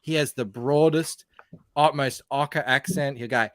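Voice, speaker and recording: A man with an easygoing Australian accent chats through a late-night livestream. He explains things at length with the odd "um," in a middle-pitched voice. The recording is dry and close, with almost no room sound. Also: steady tone, moderate pace, a bit bright, no room sound. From far north Queensland, Australia. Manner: laid-back, explains at length, some hesitant fillers.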